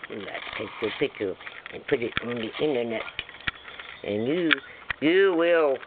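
A man rambling excitably in a casual outdoor home video, chanting a singsong rhyme as he shows off insects in the sand. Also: mid-range voice, measured pace. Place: outdoors on sandy ground. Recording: tinny lo-fi phone-like sound with faint noise.

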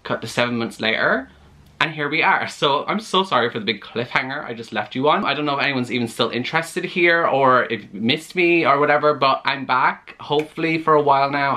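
A young Irish man talks straight to his camera in an easy, chatty vlog manner, animated and quick to laugh. His voice has a bright, forward tone at a middle pitch. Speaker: vlogger. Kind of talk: casual chat to camera.

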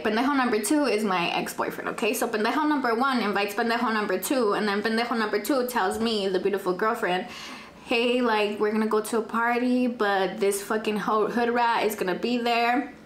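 A young woman, telling a dramatic storytime in casual chat, profane and animated, dropping in Spanish phrases. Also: on the high side, normal speed, slight background noise. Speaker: vlogger. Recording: echoey room, faint ambience.

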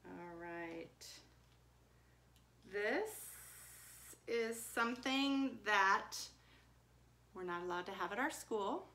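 Slow, bright-voiced preschool teacher. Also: female voice, mid-range voice, expressive, a little hiss or hum. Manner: gentle, slow, sing-song teacher talk. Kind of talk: online class for young children.

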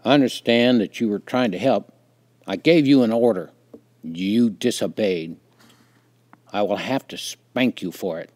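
Man playing a stern, measured father. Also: lowish voice, a little mellow. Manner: firm, deliberate, slow. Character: stern, measured father scolding his small son.

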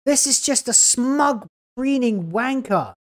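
A woman's voice: fairly high pitch, animated, slow. A woman hosting a video reaction, talking in a sarcastic, scathing way with exasperated groans. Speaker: YouTube reaction host.

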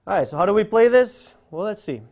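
A man's voice: high-pitched, lively intonation, fast talker, a little mellow. A man giving a guitar lesson, explaining step by step and counting beats aloud over his own guitar playing. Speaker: guitar teacher.

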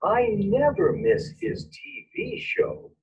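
A woman teacher reading a storybook aloud, putting on voices for excited children in a slow, raspy, swooping sing-song. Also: on the high side, recorded from a distance, lo-fi sound, exaggerated voice.

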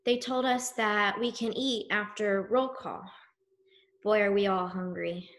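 A woman telling a story in the first person, slow and grave with weighty pauses. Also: medium pitch, steady tone, a bit bright. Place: synagogue event.

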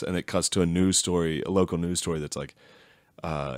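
Deep-voiced man telling a profane story. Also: fairly quick, no echo, clean studio sound. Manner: profane, animated retelling with impressions of people. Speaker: podcast co-host. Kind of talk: casual chat.

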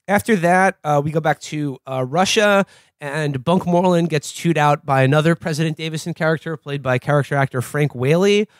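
A man's voice: on the high side, a little fast, no room sound, clean studio sound. A man hosting a podcast, rambling through a casual TV recap, full of "like" and "you know". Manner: rambling, lots of "like" and "you know", laughs often. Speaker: podcast host.

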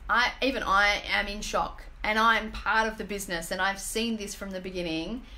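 A woman in her thirties speaking to her phone camera at home, earnest and gushing, halting often with fillers. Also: medium pitch, steady tone, sharp tone. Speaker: energy healing business team member. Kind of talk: emotional personal testimonial vlog. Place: home, indoors.

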